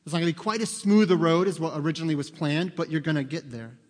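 A man voicing a calm, patient navigation voice that reassures the listener softly and gently, in a reverberant hall. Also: fairly high pitch, fast talker, lightly acted. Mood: reassuring. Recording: long reverb of a large hall.

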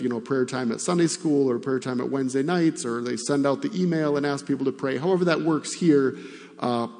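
A man's voice: mid-range voice, darkish tone. A middle-aged man, a missionary pastor, preaching a sermon in an earnest, conversational way with fillers. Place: church sanctuary. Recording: long church reverb.

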